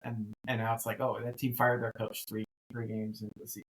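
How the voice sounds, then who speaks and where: A man in his thirties co-hosting a casual sports talk show, rambling and animated, with lots of restarts. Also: on the low side, fairly quick, slight background noise, low-quality recording. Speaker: co-host.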